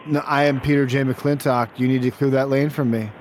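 A man's voice: medium pitch, little pitch movement, a little fast, darkish tone, slight background noise, natural voice. A man prank calling as a brash, bossy self-proclaimed bowling champion. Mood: demanding. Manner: bossy, demanding, rude. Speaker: prank caller.

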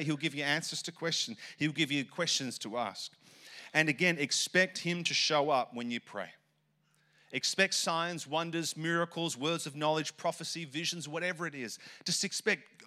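Bright-voiced Australian man preaching. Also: a little high, moderate pace. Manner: rambling, conversational storytelling with many restarts. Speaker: pastor. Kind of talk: sermon.

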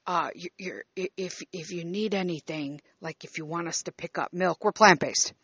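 A woman in her fifties imitating her older father, halting, stammering and trailing off without finishing sentences. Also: fairly low pitch, fairly bright tone, breathy edge, no echo, dull audio. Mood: fumbling. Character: older man, hesitant father who never finishes sentences.

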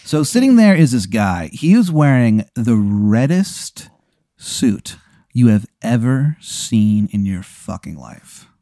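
Lively, laid-back male storyteller. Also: medium pitch, slow, no echo, clean studio sound. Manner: laid-back, rambling, with lots of "like" and casual swearing. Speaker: host and game master. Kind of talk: improvised tabletop-style storytelling.

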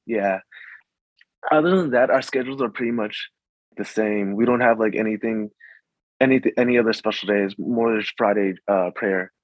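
A young man from the Washington, DC suburbs, a guest in a casual conversation, speaking haltingly and full of fillers and restarts. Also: lowish voice, no room sound, lo-fi sound.

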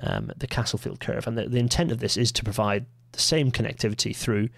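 Gravelly man rambling through a podcast. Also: mid-range voice, fairly even intonation, brisk, dry recording, clean studio sound. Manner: rambling, self-correcting, full of fillers and asides. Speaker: podcast host. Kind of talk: casual livestreamed podcast talk.

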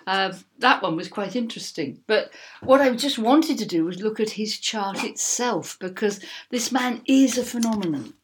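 A woman's voice: mid-range voice, lively intonation, moderate pace, few pauses, slight background noise. A woman co-hosting a casual podcast as the vicar, chatting and laughing easily, explaining ideas at length over a video call. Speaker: podcast co-host, vicar and astrologer.

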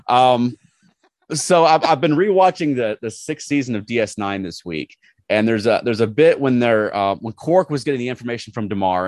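A man talks fast on a casual podcast, tripping over his words and laughing through his stories. The recording is close and dry. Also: mid-range voice, no echo. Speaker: podcast host.

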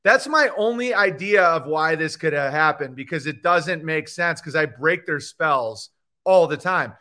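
Male comedian guest, high bright voice, profane fast-shifting rant with mock voices. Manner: ranting, profane, jumps into mocking put-on voices. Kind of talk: animated podcast chat with comic bits.

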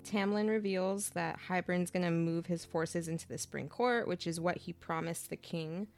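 A woman's voice: lowish voice, normal speed, darkish tone, faint music behind. Laughing young woman recapping a book. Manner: bubbly, laughs often, retells plot with slang. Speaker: podcast co-host. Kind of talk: casual chat recapping a book.

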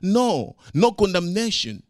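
A man preaching a sermon as pastor, swinging from loud emphasis to quiet asides and acting out his own quoted words. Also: sits high, very animated, slow pace, no room sound, clean studio sound.

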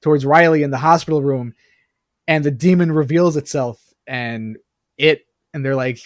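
Male podcast co-host, casual, animated and quick, slightly high voice. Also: dry recording, studio quality. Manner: animated, quick bursts with many fillers. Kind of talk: casual movie review chat.

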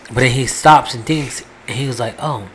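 A man's voice: medium pitch, normal speed, a bit bright. Male co-host, chatty and rambling, acts out the people in his stories, faint background hiss. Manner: rambling storyteller, acts out quotes, swears. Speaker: podcast co-host. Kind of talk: casual chat.

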